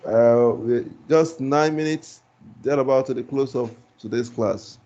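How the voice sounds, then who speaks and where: A man's voice: mid-range voice, measured pace, mellow, lo-fi sound. A man teaching a live online class, patient and reassuring, often repeating himself. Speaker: instructor. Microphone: video call.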